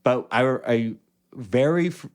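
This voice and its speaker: A man in his thirties, co-hosting a podcast in casual chat, telling animated stories and laughing often. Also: medium pitch, a little slow. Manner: animated storyteller, laughs often, acts out quotes. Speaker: podcast co-host.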